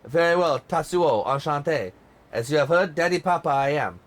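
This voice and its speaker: A man's voice: fairly high pitch, animated, moderate pace, natural voice. A pompous superstar diva, as a man playing her puts it on with a fake French accent and the twisted grammar of someone who thinks herself above everyone. She speaks with haughty, lofty grandeur, in a game read-along. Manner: haughty, grandiose, odd word order. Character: pompous eccentric female pop superstar.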